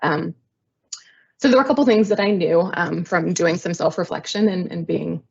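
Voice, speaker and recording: A thirty-something woman guesting on an interview show shares her career story at a moderate pace, her fairly low voice husky with vocal fry. She's talkative and self-deprecating, um-ing often, over slightly dull lo-fi audio.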